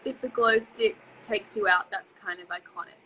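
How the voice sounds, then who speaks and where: A bright, sharp-toned woman chatting on a phone live stream, laughing easily as she reads out viewer questions. A faint hiss of room noise sits behind her. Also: medium pitch, moderate pace, poor audio. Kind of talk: casual chat.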